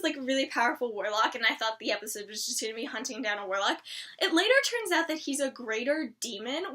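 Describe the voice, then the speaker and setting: A young woman vlogger chatting casually about a TV episode, excitable and rambling, full of "like"s. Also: high voice. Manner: gushing, excitable, rambling with many "like"s. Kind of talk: casual chat.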